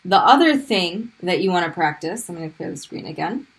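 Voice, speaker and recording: A woman's voice: on the low side, lively intonation, a little fast, rough recording. A woman teaching Arabic pronunciation in a recorded video lesson, patiently repeating each sound for drilling.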